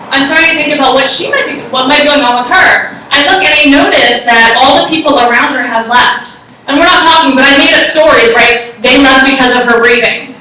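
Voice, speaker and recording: Excitable woman giving a talk in an echoey room. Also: sits high, a little hiss or hum. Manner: excitable, animated storyteller. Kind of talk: live talk with personal story. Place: room with a live audience. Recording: echoey room, far from the mic.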